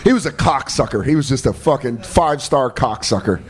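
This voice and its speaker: A comedian guest on a podcast, telling profane, laughing anecdotes in casual chat. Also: male voice, mid-range voice, lively intonation, a little fast, noisy background.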